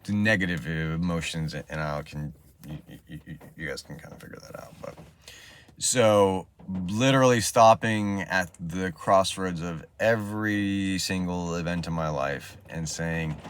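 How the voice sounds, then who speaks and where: A man vlogging to camera in a reflective, personal way, halting often with pauses and fillers. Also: low-pitched, a little hiss or hum.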